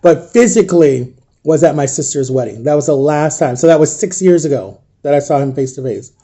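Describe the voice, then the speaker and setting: A man recounting a painful story in an emotional storytime vlog, subdued and grieving, halting and repeating himself. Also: on the high side, warm tone. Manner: halting, repetitive retelling. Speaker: vlogger.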